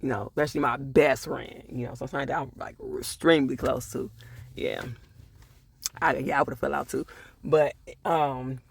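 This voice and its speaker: A man's voice: mid-range voice, steady tone, moderate pace, vocal fry, breathy edge. A man casually recapping a TV episode, acting out the characters' lines with sassy asides. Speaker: TV show reviewer.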